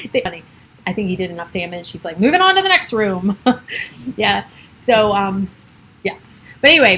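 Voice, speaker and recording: A woman's voice: medium pitch, a bit bright, slight background noise, low-quality recording. A middle-aged woman hosting a casual livestream, chatting and laughing often as she greets viewers by name. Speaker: livestream host.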